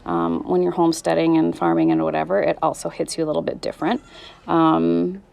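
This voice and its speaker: A woman's voice: low voice, expressive, fairly quick, gravelly, darkish tone, highs cut off. A woman in her thirties talking candidly in a personal vlog, weary and struggling, rambling and trailing off mid-thought. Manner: raw, rambling, restarts and trails off. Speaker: vlogger.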